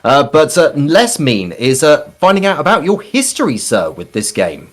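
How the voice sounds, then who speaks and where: A man hosts a live gaming race with jokey, theatrical banter, politely calling his guests sir. His pitch rises and falls in a lively, animated way. Soft music plays faintly behind him. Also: moderate pace. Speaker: race stream host. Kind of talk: playful live-stream banter.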